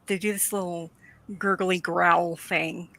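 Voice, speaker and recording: A woman with a bright, crisp voice chatting casually with a friend. She tells expressive stories and laughs at her own punchlines. The sound is close and dry, with no room around her. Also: fairly low pitch, measured pace, no echo. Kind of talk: casual chat.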